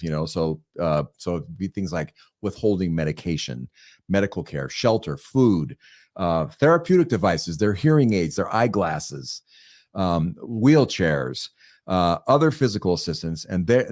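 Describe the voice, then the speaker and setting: A man with a very low voice that swings widely in pitch, talking in a loose, chatty way. He co-hosts a podcast as a financial advisor and keeps breaking off and restarting his thoughts. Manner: chatty, animated, self-interrupting. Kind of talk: casual chat.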